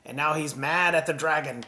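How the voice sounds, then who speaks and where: A man with a fairly high voice teaches puppetry to children in a gentle, encouraging tone. He talks them through each step calmly. He often breathes and sighs aloud to show them how the puppet should feel. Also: normal speed. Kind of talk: instructional lesson for children.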